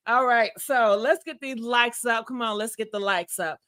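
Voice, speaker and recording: A woman's voice: a little high, a little slow, fairly bright tone. A woman hosting a casual celebrity gossip livestream, sassy and messy, talking straight to her viewers and laughing at herself. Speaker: host.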